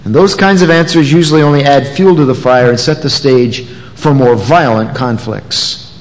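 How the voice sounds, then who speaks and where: A man preaching an expository sermon, animated, acting out the voices of the people in the passage. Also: medium pitch, normal speed. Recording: long echoey hall reverb.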